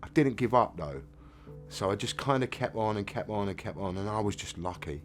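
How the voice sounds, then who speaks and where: A middle-aged man with an English accent, his voice lowish, expressive, and fairly quick, narrates his life candidly in the first person over soft background music. He comes across as plain-spoken, casual, and frank.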